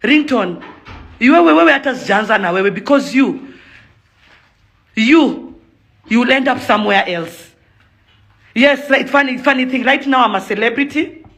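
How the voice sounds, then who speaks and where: A woman's voice: on the high side, lively intonation, a little slow, long pauses, fairly bright tone. A young Kenyan woman delivering an angry, impassioned rant to camera, accusing and pleading by turns, slipping Swahili phrases into her English. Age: young adult. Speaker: events promoter and celebrity.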